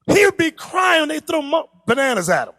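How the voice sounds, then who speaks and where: A man teaching a class from pictures, animated and teasing, who laughs often and talks straight to the room. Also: very high-pitched, fairly quick, creaky, no echo, clean studio sound. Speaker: class instructor. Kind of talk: lively classroom lecture with pictures.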